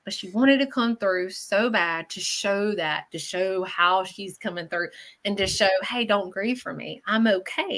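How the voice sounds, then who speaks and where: Woman psychic, bright, forceful tone, chatty and reassuring. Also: medium pitch. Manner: chatty and animated, often checking in with "okay?". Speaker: psychic medium giving live readings. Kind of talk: live radio show reading.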